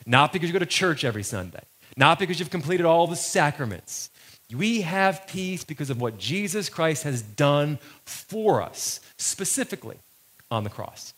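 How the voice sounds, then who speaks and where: Guy preaching a sermon, kinda high voice, super animated, chatty then slow and punchy on key lines. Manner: lively, conversational preaching with sudden slow emphatic phrases. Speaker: pastor.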